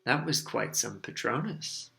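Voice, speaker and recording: A man doing a quiet, measured teacher. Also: mid-range voice, expressive, gravelly, heavily acted. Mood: calm. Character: calm, gentle grown man, a teacher.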